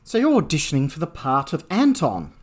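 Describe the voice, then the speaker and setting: A man co-hosting a comedy podcast with a brisk, officious manner. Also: fairly high pitch, huge pitch swings. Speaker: podcast co-host. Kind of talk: comedy sketch and casual podcast chat.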